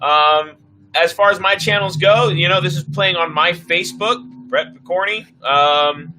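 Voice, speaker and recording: A man running a tabletop game for friends on a livestream, narrating the scene in an easygoing way. His voice sits high and bright, and he fills his pauses with ums and uhs while he describes the action. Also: rough recording. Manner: easygoing, filler-heavy narration. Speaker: game master. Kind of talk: narrating a tabletop game over an online stream.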